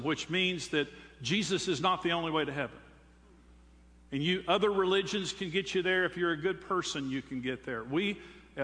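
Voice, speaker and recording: An older pastor preaches a sermon to his congregation, emphatic and leaning on rhetorical questions. His bright, forceful voice sits a little high, and a large hall's long reverb trails after every phrase.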